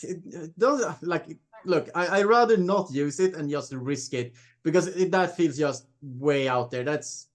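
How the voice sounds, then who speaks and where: A man's voice: a little high, measured pace, hardly any pauses. A man playing at a tabletop role-playing game, chatting casually and thinking aloud with hesitation. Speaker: player.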